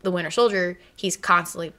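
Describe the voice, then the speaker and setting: A woman's voice: lowish voice, a little fast, sharp tone. A woman chatting casually about a TV episode, gushing and giggling, with lots of fillers. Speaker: episode reviewer. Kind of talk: casual chat.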